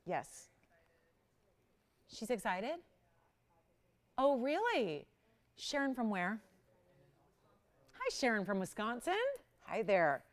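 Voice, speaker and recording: Bright-voiced shopping channel hostess. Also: female voice, on the high side, very animated, slow, long pauses. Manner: chatty, enthusiastic, talks to callers. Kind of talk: live sales pitch.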